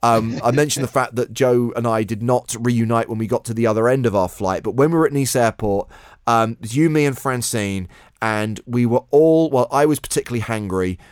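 A man co-hosting a poker podcast, recapping events in a measured, wry way. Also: mid-range voice, darkish tone, clear, resonant tone, no room sound, clean studio sound. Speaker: poker show co-host. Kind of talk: casual podcast chat.

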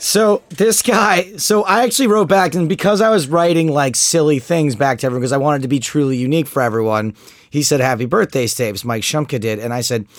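A man's voice: a little high, a little fast. A man in his forties co-hosting a podcast, chatting casually in a joking, rambling way and laughing at his own lines. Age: 40s. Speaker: podcast co-host. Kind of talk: casual chat.

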